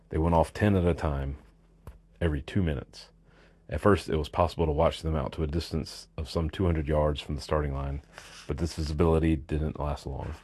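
A man narrating a first-person story with a wry, sardonic edge. His voice is extremely deep and dark, with a husky texture. The sound is dry and close. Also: no room sound. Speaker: audiobook narrator.

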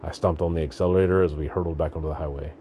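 Man, extremely low voice, dark tone, gritty deadpan storytelling, faint background hiss. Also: rapid-fire. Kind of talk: audiobook narration.

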